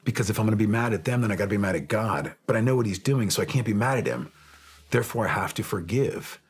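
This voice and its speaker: A man's voice: fairly low pitch, animated, quick pace. A man in his forties, a Navy officer, speaking earnestly about faith and forgiveness in a podcast interview, building to impassioned emphasis at times. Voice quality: very smooth, resonant. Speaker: podcast guest, Navy SEAL captain.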